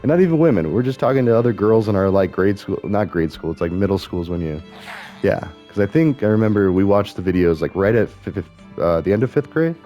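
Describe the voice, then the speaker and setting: A man's voice: lowish voice, animated, brisk, mellow, highs cut off, soft background music. A middle-aged man talking in rambling, casual commentary as he plays a game, musing aloud and correcting himself as he goes. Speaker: gaming streamer.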